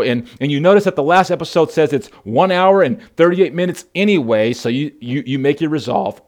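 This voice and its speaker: A man's voice: fairly high pitch, animated, fairly quick, few pauses. A man preaching a conversational sermon, playful and storytelling, calling his listeners "folks". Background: music.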